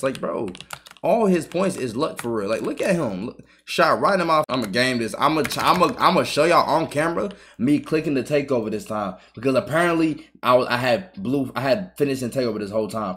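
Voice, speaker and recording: A man giving live, trash-talking commentary over his own gameplay, excitable and full of swearing. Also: medium pitch, a little fast, slightly rough. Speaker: gaming YouTuber.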